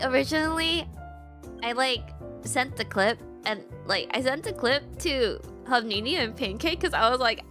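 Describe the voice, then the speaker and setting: Female streamer, casual chat, higher voice with big pitch swings, filler-heavy rambling delivery. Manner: expressive, swings between giggly highs and low mumbles. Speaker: VTuber streamer.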